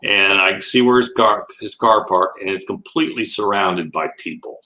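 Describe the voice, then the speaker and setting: A man's voice: on the low side, moderate pace, sharp tone, rough recording. An older man, an animal educator, telling a long anecdote as an interview guest, laughing often and acting out the voices in his story.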